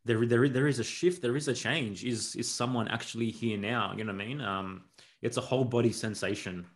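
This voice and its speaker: A man's voice: medium pitch, a little fast. A man co-hosting a podcast, reflective and searching for words, often asking "you know what I mean". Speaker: podcast co-host. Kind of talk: reflective conversational talk.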